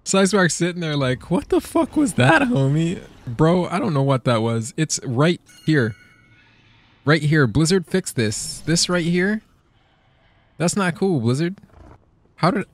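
Streaming a game, a man with a slightly high voice speaks a little slowly and leaves long pauses. He chats casually with viewers, excitable and profane, and laughs frequently.

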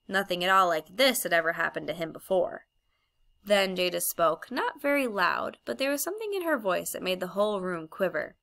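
A woman narrating a storybook in a low, gravelly voice with a bright edge. Her reading is measured and expressive. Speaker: audiobook narrator.

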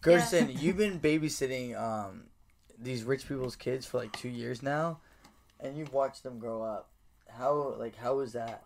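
A man's voice: mid-range voice, unhurried, slight background noise. A man in his twenties co-hosting a casual podcast, bantering with loose slang. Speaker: podcast co-host. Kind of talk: casual chat.

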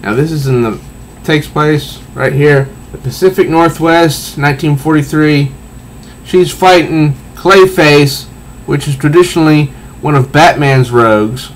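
A man's voice: a little high, a little slow, a little hiss or hum, low-quality recording. A man casually reviewing a comic book, rambling with frequent restarts. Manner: rambling, many restarts, easygoing.

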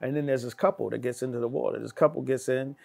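This is a middle-aged man with a gravelly, creaky voice, spinning an anecdote in a relaxed chat. He acts out the other people's lines himself and jumps loud and high in pitch as he does. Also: quick pace. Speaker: guest. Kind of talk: animated storytelling in casual chat.

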